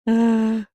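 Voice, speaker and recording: A middle-aged woman with a Southern US accent, hosting a casual livestream chat. She talks warmly to her viewers and laughs often. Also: fairly high pitch, dry recording. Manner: chatty, laughs often, drawn-out words. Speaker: livestream host.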